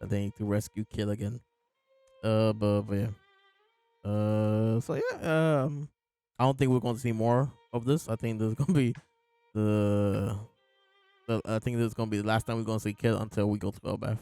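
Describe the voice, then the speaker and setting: A man's voice: fairly low pitch, steady tone, moderate pace, warm tone, clear, resonant tone, dry recording, soft background music. A man casually reviewing and discussing a comic chapter, rambling with many fillers and chuckles. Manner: laid-back, rambling, lots of fillers and laughs. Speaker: podcast host reviewing a manga chapter. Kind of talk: casual chat.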